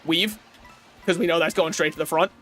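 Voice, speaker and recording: A man streaming a racing game live, commentating with excitable, profane banter toward the other players and chat. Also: fairly high pitch, a little fast. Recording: faint game music behind.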